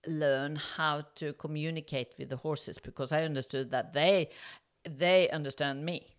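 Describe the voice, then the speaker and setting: A middle-aged woman from Norway, speaking English as an as an interview guest, telling a story casually with fillers and restarts and acting out the dialogue. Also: low voice. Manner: hesitant, many fillers and restarts, lively when acting out dialogue.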